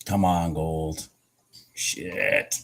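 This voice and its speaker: A man hosting a live trading stream, urging his trades on, swearing at the chart and then slowly talking through his morning and setups. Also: rumbling low, level tone, fairly bright tone. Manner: slow, rambling and candid when explaining. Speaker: futures trading livestream host.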